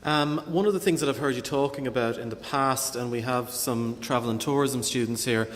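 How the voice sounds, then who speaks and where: A man's voice: medium pitch, a little fast. A man hosting, putting a question to a guest, hesitant and restarting his phrases. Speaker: host. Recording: hall reverb.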